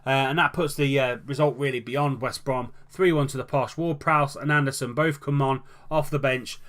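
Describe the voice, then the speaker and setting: A man's voice: medium pitch, fairly even intonation, moderate pace, fairly bright tone. A man commentating on his football management game, calling the play like a match commentator and lifting his voice at goals.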